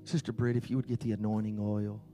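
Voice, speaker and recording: A male pastor leading a child dedication in a church, speaking in a solemn, measured way that rises with emphasis on the pledges. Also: fairly low pitch, little pitch movement, warm tone, faint music behind. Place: church sanctuary.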